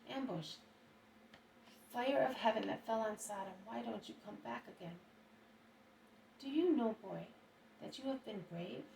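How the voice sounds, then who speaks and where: A woman's voice: on the high side, unhurried, vocal fry, long pauses, warm tone, slight background noise, voice pushed up. A woman voicing an impulsive male apostle who speaks indignantly and emphatically, in a roomy recording from a distant mic.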